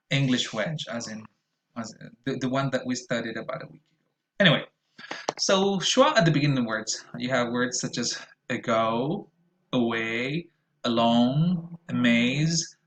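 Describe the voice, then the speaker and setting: A man teaching English pronunciation in a recorded lesson, saying example words slowly and repeating them with stretched vowels. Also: medium pitch, a bit bright.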